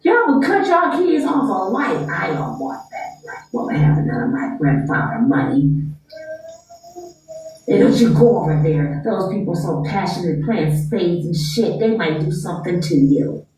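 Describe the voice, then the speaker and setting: A woman's voice: lowish voice, very animated, a little slow, a little mellow, soft background music, voice pushed down. A woman voicing a snobbish wealthy mother who scolds and disowns her son. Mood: scornful. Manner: haughty, scolding. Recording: echoey room, far from mic.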